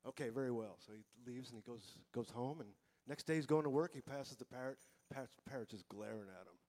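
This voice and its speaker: A man telling a long joke on stage at a live music gig, in a deadpan, unhurried way, through a stage microphone. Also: medium pitch. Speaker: joke teller at a band gig.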